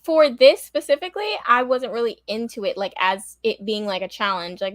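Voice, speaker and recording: A woman's voice: on the high side, animated, normal speed, no echo. A woman co-hosting a live review stream, giving frank, opinionated takes. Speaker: co-host of a reality show review.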